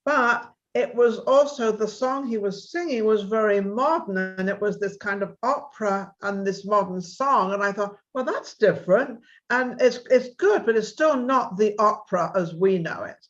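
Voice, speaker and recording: A woman's voice: mid-range voice, normal speed, hardly any pauses, highs cut off. A woman host of an interview show, talking with enthusiasm in a rambling, restarting way. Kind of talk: casual interview chat.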